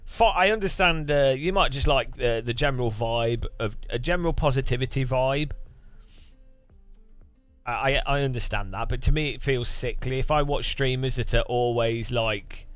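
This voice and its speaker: A man's voice: mid-range voice, moderate pace, fairly bright tone, clean tone, dry recording, soft background music. A man chatting casually on a live stream, rambling and musing with frequent restarts.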